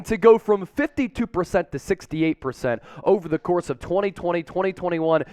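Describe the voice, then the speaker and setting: Fired-up sports news guy, kinda high voice, really emphatic. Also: darkish tone, dry recording, studio quality. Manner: emphatic, hyped-up fan delivery. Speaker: sports show host. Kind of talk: energetic sports news commentary.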